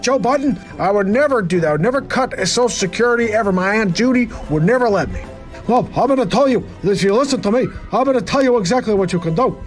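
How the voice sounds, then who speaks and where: A man doing rambling old politicians over faint music. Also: high voice. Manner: rambling comic banter. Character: impressions of two older male politicians in a comic debate clip.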